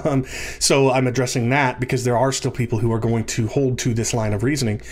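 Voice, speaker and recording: A man giving an explanatory commentary video, animated, slowing down to spell out key terms and swooping his voice up for emphasis. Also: medium pitch.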